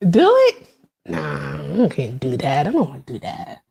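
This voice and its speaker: A woman in her thirties hosts a casual live stream, chatting straight to her viewers and answering their comments. Her pitch swings widely and her delivery stays loose and talkative, full of fillers. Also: huge pitch swings, a little slow, creaky, dark tone, husky.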